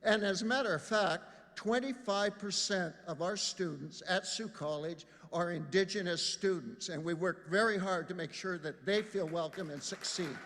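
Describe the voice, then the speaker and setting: A man with a high, bright, forceful voice gives a measured acceptance speech at a podium. The sound carries a long reverb from the large event hall around him. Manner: measured, earnest. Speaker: college representative accepting award.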